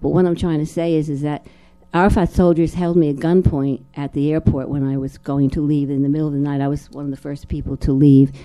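Older woman from New Jersey, guest actress at a Q&A; deep mellow tone, rambling storyteller full of restarts. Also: little pitch movement, fast talker, hardly any pauses. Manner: rambling, frequent restarts and repeated words. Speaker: guest actress at a film screening talk. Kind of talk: personal storytelling in a live Q&A.

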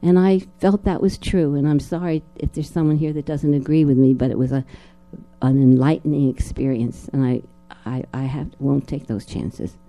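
A woman's voice: very deep voice, fairly even intonation, normal speed, warm tone, faint music behind. An older woman from New Jersey, a guest actress in a live Q&A, telling a personal story in a rambling way with many restarts and repeated words. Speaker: guest actress at a film screening talk.

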